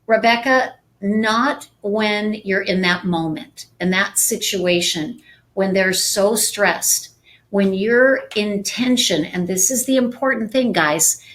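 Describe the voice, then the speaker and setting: A woman real estate sales coach giving a calm, soft-spoken training talk on a live stream. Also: mid-range voice, slow.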